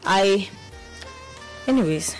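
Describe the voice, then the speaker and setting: A young Nigerian woman co-hosting a radio show, telling stories in animated casual chat with many restarts, her voice a bit off from feeling unwell. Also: medium pitch, takes it slowly, faint music behind, poor audio. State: under the weather, voice affected. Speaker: radio co-host.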